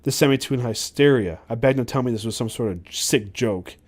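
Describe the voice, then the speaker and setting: A man's voice: medium pitch, fairly quick. Man reading a memoir aloud, stumbling. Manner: reads with frequent stumbles and self-corrections. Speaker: podcast host.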